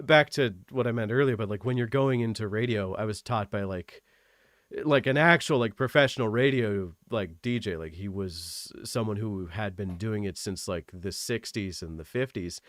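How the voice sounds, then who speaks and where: A man's voice: fairly low pitch, fairly bright tone, dry recording, studio quality. A young man from Eastern Canada streaming, chatting casually on a call, rambling and self-deprecating with lots of fillers. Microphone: desk microphone.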